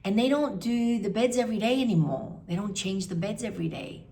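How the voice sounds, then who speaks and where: In a mellow, mid-range voice and at a fairly quick pace, a middle-aged woman vlogger talks through a casual review. She's frank and opinionated, rambling along with lots of fillers.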